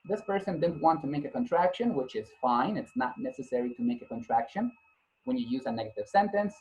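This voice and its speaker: A man's voice: mid-range voice, lively intonation, brisk, a little mellow, muffled recording. Patient male teacher spelling things out. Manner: patient, repeats and spells out letters; corrects himself mid-sentence. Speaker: English teacher. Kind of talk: grammar lesson.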